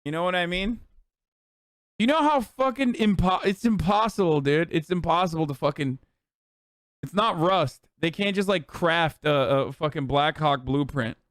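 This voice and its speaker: Profane sarcastic streamer ranting. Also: male voice, fairly high pitch, a bit bright, no room sound, clean studio sound. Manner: profane, sarcastic, fast rants. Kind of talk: political commentary stream.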